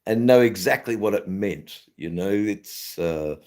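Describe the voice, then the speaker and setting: A man's voice: fairly low pitch, lively intonation, a little slow, darkish tone. A man with an Australian accent, hosting a casual livestream chat and rambling with many hesitations and fillers. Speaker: channel host.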